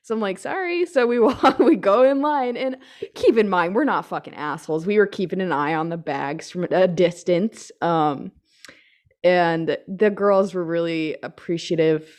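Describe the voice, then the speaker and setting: A young woman telling a story in casual chat, swearing a lot, ranting, and acting out her own lines in a lower voice. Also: normal speed, a little mellow.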